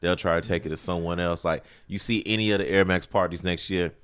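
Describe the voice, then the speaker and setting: Deep-voiced emphatic podcast host. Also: male voice, quick pace, clean tone. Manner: emphatic, animated, swears freely. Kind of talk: casual podcast chat.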